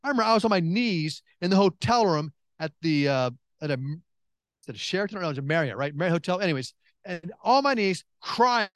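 A man preaching a sermon in a chatty, joking way, acting out his own prayers with big leaps in pitch and talking through many restarts. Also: expressive, brisk, a bit bright, dry recording, studio quality. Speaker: pastor.

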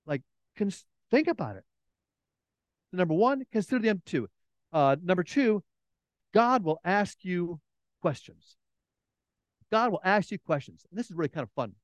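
A middle-aged man with a high-pitched voice preaches, recorded with no echo. As a pastor giving a sermon full of stories, he animatedly voices the different people in them.

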